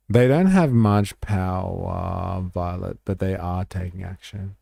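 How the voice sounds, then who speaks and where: A man's voice: sits low, slow pace, vocal fry, few pauses, mellow, dry recording. A man hosting a livestream, reading chat and commenting in a dry, offhand way. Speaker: livestream host.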